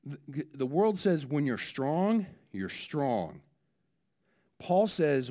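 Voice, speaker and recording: A male pastor preaching a sermon in a relaxed, conversational way, often restarting his phrases. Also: mid-range voice, slow pace.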